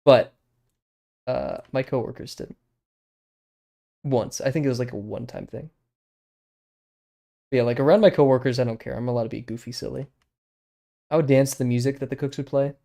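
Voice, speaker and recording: A man's voice: mid-range voice, steady tone, brisk, creaky, pauses often, mellow. A man streaming himself drawing, thinking aloud in a rambling, hesitant way with lots of fillers and small self-deprecating laughs. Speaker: streamer learning to draw.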